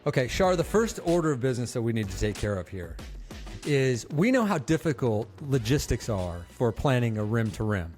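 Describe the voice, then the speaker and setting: A man hosting a podcast, asking a guest questions in an enthusiastic, lively way. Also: medium pitch, normal speed, faint music behind. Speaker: podcast host. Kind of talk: interview and scripted intro.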